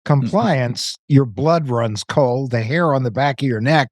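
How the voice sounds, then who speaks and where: A man's voice: mid-range voice, unhurried, no echo. A man hosts a podcast conversation, wry and joking with his guest. His voice sits in a middle register. The sound is dry and close. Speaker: podcast host. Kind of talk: casual interview chat.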